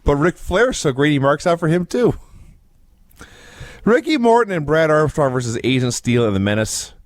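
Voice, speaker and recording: A man recapping old wrestling shows in casual podcast chat, telling it with a dry, wry edge. His pitch moves around a lot as he tells a story. The sound is close and dry, with no room echo. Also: animated, moderate pace.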